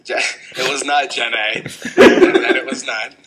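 A man's voice: mid-range voice, unhurried, background noise. A man from Ohio joining a podcast as a guest, joking and laughing often. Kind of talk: casual banter.

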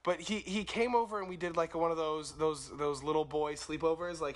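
A man's voice: fairly high pitch, fairly even intonation, fairly quick, hardly any pauses. A man from California, co-hosting a comedy podcast, telling a rambling childhood story. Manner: rambling with fillers and restarts. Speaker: podcast co-host.

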